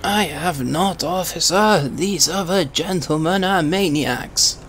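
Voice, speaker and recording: A man voicing a tired, confused old British gentleman with a strained throaty voice, slow and genteel in a game role-play. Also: a little high, a little hiss or hum, pitched above the performer's own voice. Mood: polite, befuddled. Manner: slow, genteel, addresses officers formally.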